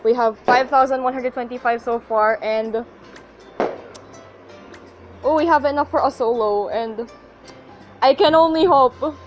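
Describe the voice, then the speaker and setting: A young woman with a high voice and an unhurried way of speaking, reacting to her game pulls. She pleads and shrieks at the screen when things go wrong. Faint game music plays under her. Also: muffled recording. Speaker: mobile game player. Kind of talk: gacha pull reaction commentary.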